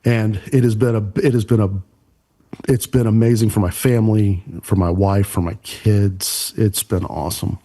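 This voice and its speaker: A man's voice: fairly low pitch, fairly even intonation, moderate pace, warm tone. A man, a church production pastor and podcast guest, earnestly telling an emotional personal story.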